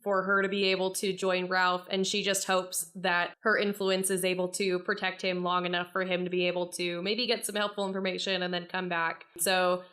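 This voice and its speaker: A woman playing in a tabletop game, describing her character's actions slowly and hesitantly, with fillers. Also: fairly low pitch, level tone, fairly bright tone. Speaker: player.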